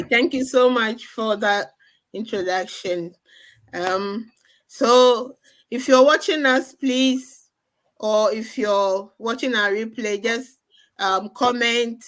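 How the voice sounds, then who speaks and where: Slow-talking woman hosting a live chat. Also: medium pitch, a bit bright, rough recording. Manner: slow and welcoming, a little hoarse. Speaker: host of a live online chat. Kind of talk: casual live-stream hosting.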